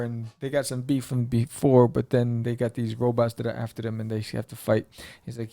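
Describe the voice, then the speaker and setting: A man hosting a podcast, rambling excitedly through a comic book review with lots of fillers. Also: medium pitch, normal speed, creaky, hardly any pauses, no room sound.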